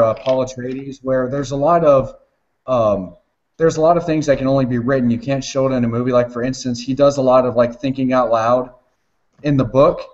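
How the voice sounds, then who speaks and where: Rambling, swearing man with a lo-fi sound. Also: mid-range voice. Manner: rambling, swears often, laughs while retelling. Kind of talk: casual chat.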